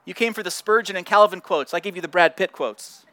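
High-voiced man preaching a conversational sermon. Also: fairly quick, bright, forceful tone, no room sound. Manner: earnest, conversational, with frequent repeated words and restarts. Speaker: pastor.

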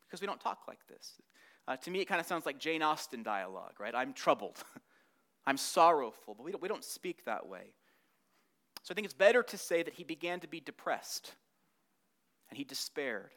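A man preaching a sermon, earnest and meditative, repeating key words, building up and then dropping to a hush. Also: fairly high pitch. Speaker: pastor.

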